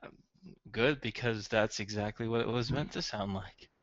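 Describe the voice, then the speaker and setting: A man's voice: fairly low pitch, normal speed, a bit bright, no room sound. A man playing a tabletop game, joking and laughing often in casual chat, on dry, dull audio. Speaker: player.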